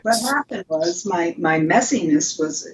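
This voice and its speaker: Recorded roughly, an older female designer from the US talks in a fairly low, animated voice at a slightly slow pace. As the interview's guest, she shares stories in a casual, chatty way, with many restarts.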